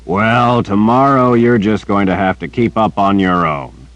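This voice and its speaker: A man reading an audiobook, voicing a big, gruff male warrior who speaks stern yet teasing to a child. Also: lowish voice, measured pace, fairly bright tone, no echo.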